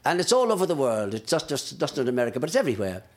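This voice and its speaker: A man's voice: medium pitch, big pitch swings, very fast. A man telling stand-up jokes, chuckling at his own lines and chatting to the audience. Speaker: comedian.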